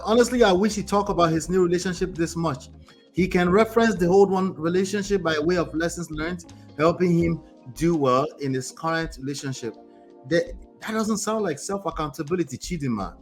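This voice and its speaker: Sarcastic man reacting as host. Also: a little high. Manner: sarcastic, chatty, greets viewers by name. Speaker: marriage coach and host reacting to a clip. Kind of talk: live reaction commentary.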